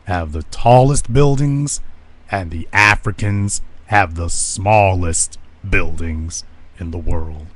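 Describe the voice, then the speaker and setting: A man delivering a confrontational monologue broadcast as commentator, forceful and ranting. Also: on the low side. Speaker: online commentator.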